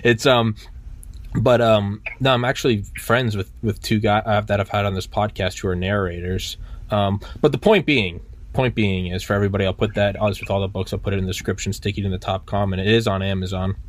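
A man hosting a podcast, talking casually and excitably, swearing and tripping over his words. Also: on the low side, brisk. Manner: excitable, swears, rambling restarts. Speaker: podcast host. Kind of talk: casual chat.

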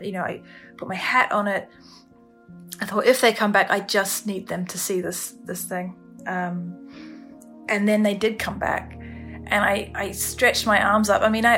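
Woman, halting emotional survival story, soft music underneath. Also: mid-range voice. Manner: halting, emotional, many restarts. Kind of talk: personal survival story, told casually.

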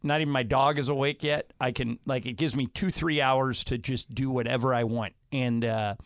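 A man's voice: medium pitch, steady tone, normal speed, dry recording, studio quality. A man co-hosting a sports radio show, telling stories in a chatty, casual way. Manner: storytelling, chatty. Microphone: studio mic.

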